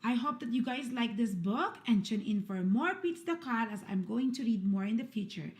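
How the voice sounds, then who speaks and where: A woman reading children's picture books aloud in a slow, sing-song storytelling manner. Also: a little high, expressive. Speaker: storybook reader.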